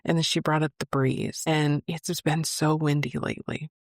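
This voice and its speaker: A woman's voice: low voice, moderate pace, dry recording, studio quality. A middle-aged woman, a psychic medium, telling a personal story in a chatty, emotional way. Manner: emotional, chatty, lively retelling with quoted voices.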